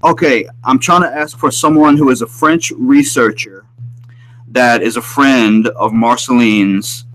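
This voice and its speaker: A man hosting a paranormal livestream who talks excitedly, repeats himself and questions the spirits. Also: medium pitch, unhurried, poor audio. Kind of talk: live stream commentary during spirit session. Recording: loud background noise.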